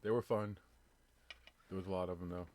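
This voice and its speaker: Deep-voiced and steady, this podcast host in his thirties talks briskly with a slightly mellow sound. On his live stream he casually chats and spins loose, swear-filled stories.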